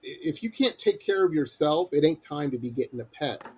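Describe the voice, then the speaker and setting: A man's voice: a little high, a little fast, breathy edge, poor audio. A middle-aged man hosting a radio interview, chatting casually and acting out his own rants as he tells stories. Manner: animated storyteller, acts out his own rants. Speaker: radio show host.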